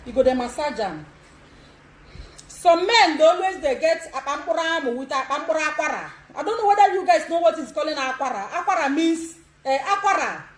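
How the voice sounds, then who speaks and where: A woman's voice: sits high, animated, fairly quick. A woman in her sixties with a Nigerian accent, giving bold instructions on a live video with frequent laughs. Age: 60s. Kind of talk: social media live demonstration. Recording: echoey room.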